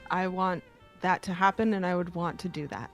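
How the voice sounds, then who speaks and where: A woman's voice: lowish voice, steady tone, moderate pace, soft background music. A woman guest on an interview, a voice actor, easygoing and enthusiastic, laughing often. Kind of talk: casual online interview.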